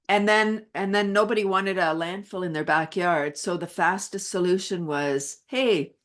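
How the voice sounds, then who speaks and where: A woman's voice: lowish voice, fairly even intonation, unhurried. A middle-aged woman from Canada, a wellness advocate guest, chatting energetically in an interview and laughing often as she tells playful stories. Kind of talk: casual interview chat.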